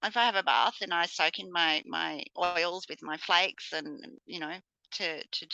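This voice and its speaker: A woman's voice: lowish voice, unhurried, gravelly, sharp tone, dry recording, lo-fi sound. A woman, a mother chatting casually about self-care, hesitant with many restarts and "um"s. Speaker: podcast co-host, mother. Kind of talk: casual wellness chat.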